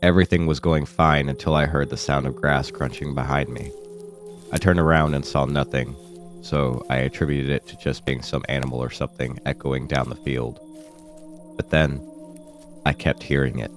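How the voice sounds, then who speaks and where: A man with an extremely deep voice, roughened by sickness, narrates a first-person horror story in a low, somber tone. Faint music plays quietly behind him. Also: flat delivery, moderate pace. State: sick, rough voice. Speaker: horror channel host.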